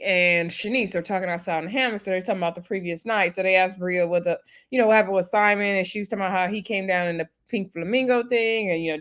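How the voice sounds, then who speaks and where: A woman's voice: mid-range voice, clean tone. Chatty, gossipy woman recapping TV. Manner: animated, gossipy, laughs often. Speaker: reality TV recap vlogger.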